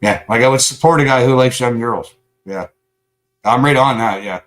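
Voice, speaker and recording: A man's voice: mid-range voice, moderate pace, fairly bright tone. Male livestream host, combative and profane, sarcastic edge. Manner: angry, profane, confrontational. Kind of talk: live stream chat rant.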